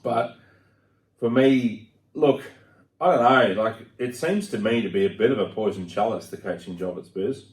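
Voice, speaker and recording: Casting: deeper male podcast guest, rambly, sitting back from the mic. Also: normal speed, far from the mic. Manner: chatty, rambling with fillers. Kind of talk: casual football chat. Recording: roomy sound from off-mic.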